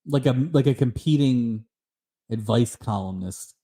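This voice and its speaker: A man's voice: mid-range voice, measured pace, mellow. A man co-hosting a podcast, chatting casually with wry jokes and giggles. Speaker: podcast co-host. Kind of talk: casual chat.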